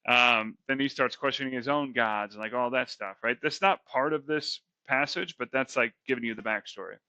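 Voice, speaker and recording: A man's voice: mid-range voice, normal speed, bright, forceful tone, no room sound, low-quality recording. Slangy man retelling Bible stories. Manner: slangy and chatty, lots of fillers. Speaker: podcast co-host.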